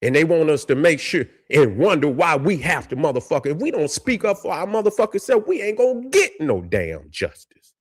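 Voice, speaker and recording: This commentary vlog host speaks with a fairly high pitch, very animated and a little quick, with a breathy edge. Between heated, profanity-filled rants he stumbles over words and reads out case histories.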